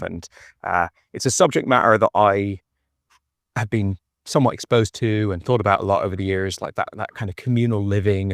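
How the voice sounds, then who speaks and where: A man's voice: lowish voice, no echo, studio quality. An Irish man chatting and rambling in a phone voice note while walking outdoors. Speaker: podcast co-host. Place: park outdoors at dusk.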